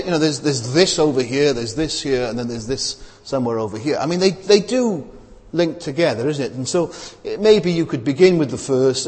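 A man's voice: a little high, darkish tone, long reverb tail. A man preaching a sermon in a conversational, hesitant way, often restarting and adding rhetorical tag questions.

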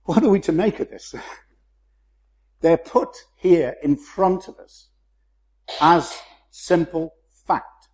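Emphatic male preacher, slightly high voice. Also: a little mellow. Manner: measured, emphatic, slows down for key phrases. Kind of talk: sermon.

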